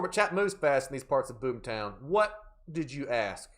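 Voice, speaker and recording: During a live horror-game stream, a man keeps things playful, joking with chat and reading out viewers' names with thanks. His medium-pitched, fairly bright voice has big pitch swings, and he talks at a normal speed.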